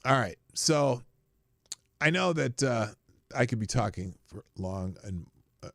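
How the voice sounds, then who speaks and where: A man's voice: medium pitch, sing-song, a little slow, vocal fry, a bit bright, no echo, clean studio sound. A man hosting a casual livestream show, rambling, profane and flippant, tired and yawning as he talks.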